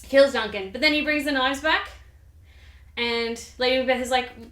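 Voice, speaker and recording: A chatty, irreverent woman talks through the plot of a play in slangy, offhand asides. Her voice sits a little high and rings in an echoey room. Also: steady tone, moderate pace, a bit bright. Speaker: channel host. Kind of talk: casual comic literature summary.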